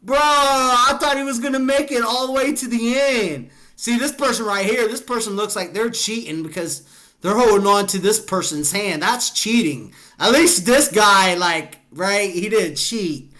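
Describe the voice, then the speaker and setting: A man's voice: high voice, moderate pace, fairly bright tone. A man hosting a reaction video, chatting casually and laid-back, laughing often and calling people "bro". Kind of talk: casual chat reacting to clips.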